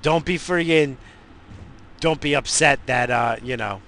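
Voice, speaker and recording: He's a U.S. radio show host with a medium-pitched, fairly bright voice, taking his time despite being worked up. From inside a car, with slight background noise, he delivers a rambling, cursing rant.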